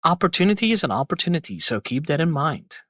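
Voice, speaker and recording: A man's voice: fairly high pitch, sing-song, fast, sharp tone, no room sound. A man hosting a live stream, chatting casually to his viewers in an upbeat, rambling, slangy way. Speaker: streamer host.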